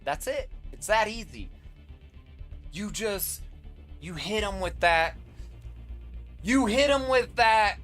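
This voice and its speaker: Brief: unhurried, foul-mouthed streamer ranting from a home setup, game music pounding loudly underneath. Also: mid-range voice, animated. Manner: profane, rambling, acts out quotes in shouts. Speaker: live streamer. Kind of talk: casual rant to stream chat.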